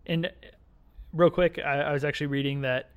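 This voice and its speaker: A man's voice: a little high, steady tone, brisk, clean tone, dull audio. A man co-hosting a casual podcast, talking in an easygoing, agreeable way. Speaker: podcast co-host. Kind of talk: casual chat.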